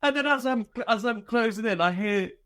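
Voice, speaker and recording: An army veteran on a podcast who tells his stories casually, swearing freely and laughing as he goes. His voice sits a little high for a man. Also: moderate pace, a bit bright. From United Kingdom. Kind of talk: casual storytelling.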